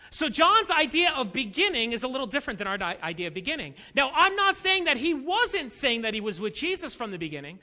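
High-voiced animated preaching pastor. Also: male voice, brisk, few pauses, in a large hall. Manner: preaching with animated, rising emphasis and rhetorical questions. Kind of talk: sermon.

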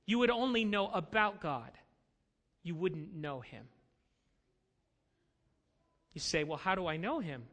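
A man's voice: very high-pitched, sharp tone, big-room sound. A man preaching as a pastor, asking rhetorical questions and building to emphatic lines. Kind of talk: sermon.

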